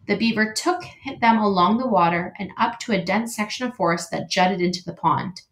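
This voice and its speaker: A woman teacher reading a storybook aloud to her class with clear, steady storytelling, in an echoey room. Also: medium pitch, brisk, hardly any pauses.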